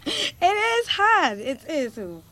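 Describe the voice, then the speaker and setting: A woman's voice: very high-pitched, sing-song, slow, sharp tone. A young woman with a Ghanaian accent, co-hosting a casual celebrity news chat, agreeing often and giggling. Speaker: co-host.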